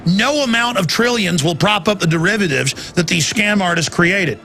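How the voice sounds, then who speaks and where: A man hosting a talk radio show, ranting intensely in a rambling monologue that climbs to loud, excited peaks. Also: sits high, normal speed, gravelly, soft background music.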